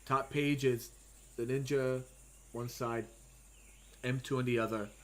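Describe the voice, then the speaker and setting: A comic artist streams himself drawing and gives casual commentary in a steady, mid-range voice. He thinks aloud as he works, pausing often and talking to himself.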